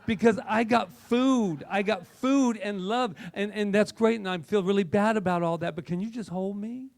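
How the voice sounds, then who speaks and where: Guy doing his needy house cat, kinda high and whiny, gravelly edge, just wants a cuddle. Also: normal speed, a little mellow. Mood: pleading.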